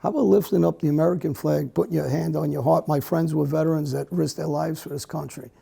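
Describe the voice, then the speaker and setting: A middle-aged man answers interview questions in a blunt, halting way, often breaking off and starting again. His voice is very gravelly, dark and husky, and he stays in a flat, narrow pitch range. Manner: blunt, halting speech with many restarts. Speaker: interview guest. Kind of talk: candid conversational interview.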